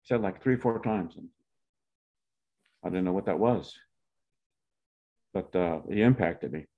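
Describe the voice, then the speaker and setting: A man in his seventies from Oklahoma, USA, is interviewed about his life story, speaking in a low-pitched voice at a measured pace. He rambles heartfelt and restarts often, over phone-quality sound.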